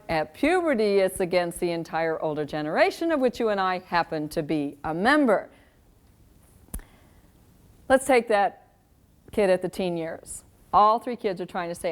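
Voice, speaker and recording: A middle-aged woman giving a live parenting lecture, wry and lively, acting out quoted parents and kids. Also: on the low side, moderate pace. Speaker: parenting speaker.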